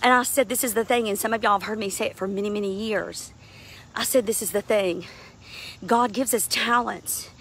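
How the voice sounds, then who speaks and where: A woman's voice: mid-range voice, moderate pace, a bit bright, a little hiss or hum. A middle-aged woman minister, preaching a sermon emphatically and laughing between points.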